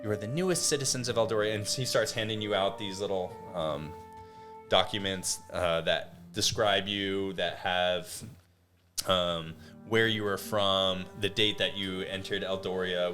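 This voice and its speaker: A man's voice: low voice, sharp tone. A man acting as dungeon master, narrating a tabletop game in a loose, rambling way with many fillers.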